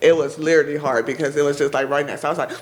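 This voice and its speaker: A woman's voice: low-pitched, steady tone, rapid-fire. A woman hosting a podcast, chatting casually and laughing through the banter. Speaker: podcast host. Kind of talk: casual chat.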